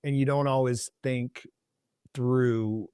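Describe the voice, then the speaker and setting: A man's voice: mid-range voice, steady tone, slow pace, a little mellow, smooth, no echo, clean studio sound. A man hosting an interview, thoughtfully reflecting on and affirming his guest's story. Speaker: podcast host. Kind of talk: casual interview chat.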